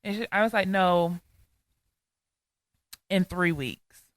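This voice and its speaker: A woman's voice: lowish voice, slow pace, no room sound. A woman from Georgia, co-hosting a podcast and telling an earnest, heartfelt faith testimony. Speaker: podcast co-host.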